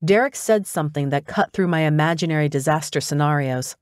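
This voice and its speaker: A woman narrates a first-person audiobook in a lively, eager way. Her voice sits on the lower side for a woman. The recording is close and completely dry. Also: a little fast, dry recording.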